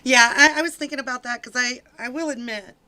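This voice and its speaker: Giggly woman hosting a stream, high and bright, chatty and loose. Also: fairly even intonation, fairly quick. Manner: giggly, greets chat by name. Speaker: stream host. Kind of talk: casual live-stream chat.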